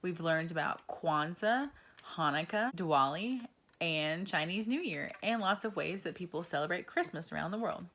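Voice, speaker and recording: Woman, young adult, kids' teacher; low-pitched, slow and encouraging, faint noise under her voice. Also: animated, a bit bright. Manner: slow, encouraging, asks children questions. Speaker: preschool teacher. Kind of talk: children's lesson.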